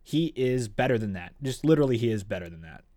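A man's voice: medium pitch, lively intonation, fast talker, warm tone, no room sound, studio quality. Enthusiastic man summarizing a book. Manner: enthusiastic, summarizes the plot and reads excerpts aloud. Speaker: book discussion podcast host. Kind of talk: casual book club chat.

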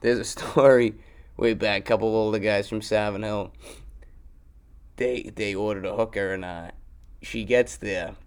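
A man's voice: fairly low pitch, fairly even intonation, a little slow, clear, resonant tone. A man trades crude stories in loose, profane banter. He laughs often and swears freely in a casual back-and-forth.

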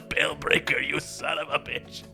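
A man's voice: on the high side, flat delivery, slow, vocal fry, bright, forceful tone, faint music behind. A man co-hosting a casual podcast, joking around and laughing often. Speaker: podcast co-host. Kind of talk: casual chat.

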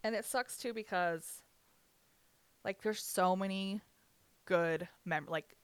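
A woman's voice: medium pitch, slow pace, clean tone, no room sound. A young woman telling an emotional personal story in candid conversation, swearing freely and laughing through the pain.

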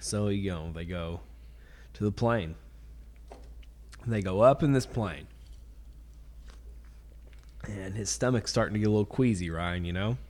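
A man's voice: on the low side, unhurried, pauses often, darkish tone. A man hosting a podcast, chatting casually and telling a long joke in a laid-back storytelling way. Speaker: podcast host.

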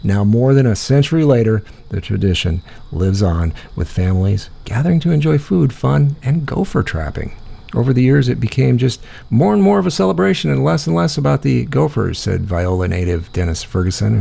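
A man's voice: mid-range voice, expressive, fairly quick, warm tone. A man with a Midwestern American accent hosting a casual chat, rambling and thinking aloud as he looks things up. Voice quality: gravelly, husky. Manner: rambling, thinking aloud while searching online. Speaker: podcast host.

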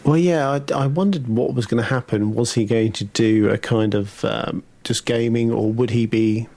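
Male podcast co-host, gravelly voice with vocal fry, casual and reactive. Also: medium pitch, darkish tone. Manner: reactive, quick exclamations. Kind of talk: casual gaming news chat.

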